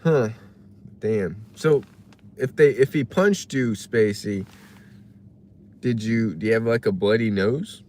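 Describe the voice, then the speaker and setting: Laid-back low-voiced man chatting. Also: slow pace, pauses often, a little mellow. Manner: laid-back, musing, reads chat messages aloud. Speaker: livestreamer reading chat. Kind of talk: casual livestream chat. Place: parked car while waiting for delivery orders.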